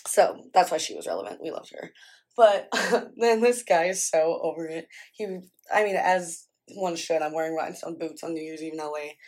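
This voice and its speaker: A woman's voice: low-pitched, animated, moderate pace, darkish tone. A woman telling a story casually and rambling, with many filler words, in a storytime vlog. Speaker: vlogger.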